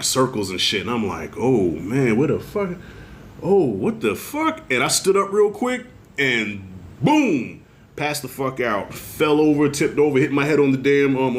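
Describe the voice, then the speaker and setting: Animated, profane middle-aged male reviewer. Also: medium pitch. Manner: animated, profane storytelling with acted-out quotes. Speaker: TV show reviewer. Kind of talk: casual video review commentary.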